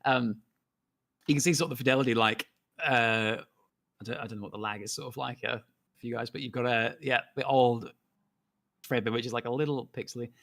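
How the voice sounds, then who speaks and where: A man's voice: medium pitch, fairly even intonation, brisk, creaky, pauses often, fairly bright tone. A man chatting casually on a live stream, rambling, laughing often and swearing freely. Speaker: guest animator.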